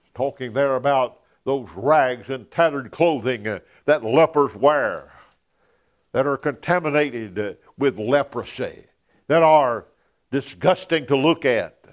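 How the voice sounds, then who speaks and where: A man preaching a sermon in a church, filling pauses with "uh" and dropping to a near whisper on key words. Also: mid-range voice. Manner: preaching with frequent "uh" fillers, dropping to hushed emphasis.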